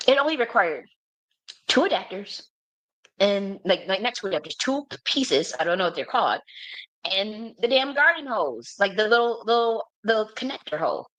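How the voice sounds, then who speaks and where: A woman's voice: mid-range voice, moderate pace, no echo. A woman, a spiritual reader and teacher, telling a personal story in a casual, rambling monologue, with frequent laughter and free swearing. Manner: animated, rambling, laughs often, swears freely.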